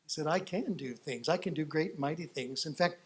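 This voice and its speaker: Male pastor, sermon delivery, higher-pitched voice, animated storyteller who acts out lines. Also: fairly quick. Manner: animated storytelling, acting out voices, rising to loud excitement.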